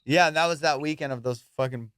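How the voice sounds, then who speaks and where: A podcast host spins a rowdy story in loose, profane chat and jumps into his friends' voices as he goes. His voice sits a little high and is smooth and clear. The sound is dry and close to the mic. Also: fast, no room sound. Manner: profane, animated storyteller who acts out friends' lines.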